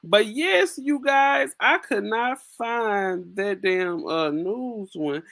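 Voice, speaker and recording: A woman's voice: mid-range voice, animated, slow, creaky, a bit bright, no echo, clean studio sound. A young woman hosts a casual livestream, chatting to viewers, reading their comments aloud and laughing often with slangy asides. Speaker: livestream host. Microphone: phone.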